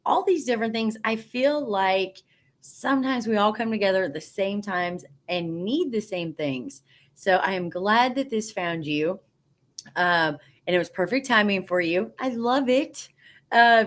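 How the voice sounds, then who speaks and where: Woman host, live-stream chat, upbeat and encouraging, a little high-pitched, cheering on her viewers. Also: fairly bright tone. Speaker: host of a live stream for women Jeep owners. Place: studio.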